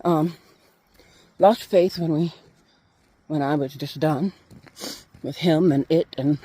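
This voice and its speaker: A woman with a husky, breathy voice rambles slowly through a personal story for her viewers. She stops and restarts often, filling gaps with ums as she walks. Her delivery stays loose and unhurried. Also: sits low, warm tone. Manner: halting, with many fillers and restarts. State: walking while talking. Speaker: meditation vlogger.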